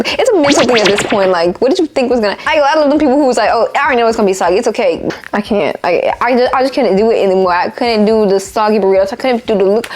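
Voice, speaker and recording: A young woman, ranting through a casual storytime about her old jobs and acting out what people said. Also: a little high. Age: young adult. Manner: animated, exasperated, acts out quotes. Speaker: vlogger.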